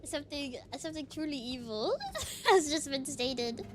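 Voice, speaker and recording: A woman streamer chatting casually with her chat while gaming, animated and giggly. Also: high-pitched, moderate pace, background noise.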